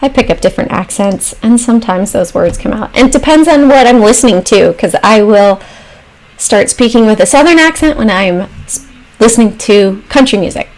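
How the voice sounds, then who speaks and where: A woman's voice: fairly high pitch, expressive, rough recording. A woman hosting a stock trading livestream, walking through charts and answering viewers' chat messages as she thinks aloud. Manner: thinks aloud with pauses and trailing phrases. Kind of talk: casual livestream commentary.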